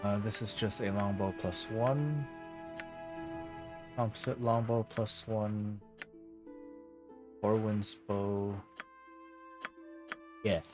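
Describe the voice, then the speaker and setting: A sleepy male streamer chatting through a game, thinking aloud and cracking jokes. His voice is on the low side, and soft music plays faintly underneath. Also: fairly even intonation, extremely slow, pauses often. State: tired, yawning. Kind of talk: casual gameplay commentary.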